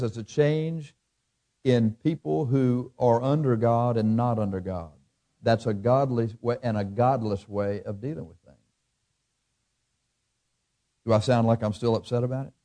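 A warm, medium-pitched male voice preaches a sermon with a folksy touch. He reads scripture in the old-fashioned cadence of the King James Bible and chuckles at his own jokes.

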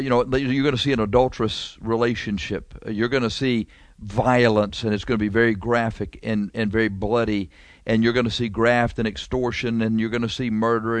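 A man's voice: mid-range voice, dry recording. A man preaching a sermon in a conversational, emphatic way, repeating phrases and drawing out key words.

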